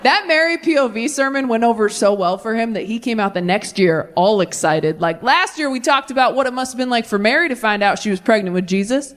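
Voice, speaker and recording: A young woman performing a stand-up comedy set on stage, landing deadpan punchlines and jumping to animated voices when she quotes people. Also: on the high side, brisk, few pauses. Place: comedy stage before a live audience.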